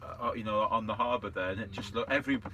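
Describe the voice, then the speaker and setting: Co-host, rambling, laughs a lot, bright edge. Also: male voice, on the low side, fast talker, slight background noise. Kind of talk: casual chat.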